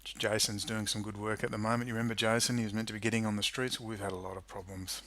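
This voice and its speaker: Ranting low-voiced man. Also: little pitch movement, quick pace, a bit bright, no echo. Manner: angry, sarcastic, swears freely. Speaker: political commentary youtuber. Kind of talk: ranting monologue to camera.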